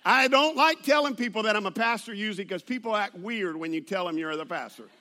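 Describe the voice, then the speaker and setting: A male pastor, preaching a sermon to his church and telling stories in an animated way, with many restarts. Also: sits high, a little fast. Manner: animated storytelling with laughs and restarts.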